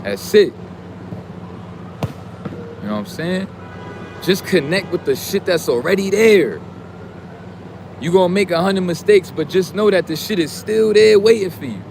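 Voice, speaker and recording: A man's voice: high-pitched, expressive, measured pace, creaky, pauses often, noisy background. Preachy, profane man ranting outdoors. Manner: preachy, profane, street slang, swings into loud shouting. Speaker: streamer giving motivational talk. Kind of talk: casual motivational rant.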